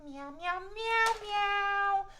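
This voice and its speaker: A man's voice: very slow, background noise, exaggerated voice. A man voicing a sweet, friendly female cat puppet who meows between words on a children's show. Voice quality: high squeaky cat voice, meowing.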